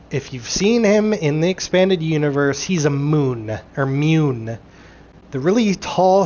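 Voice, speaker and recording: A man's voice: a little high, slight background noise. Exasperated man ranting, sweary and sarcastic. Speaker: show recap commentator. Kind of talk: rambling recap rant.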